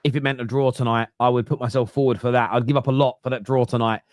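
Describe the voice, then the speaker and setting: A man's voice: medium pitch, flat delivery, fast talker, a little mellow, no room sound, clean studio sound. A man hosting a casual football podcast, talking bluntly and opinionatedly and swearing freely. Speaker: podcast host.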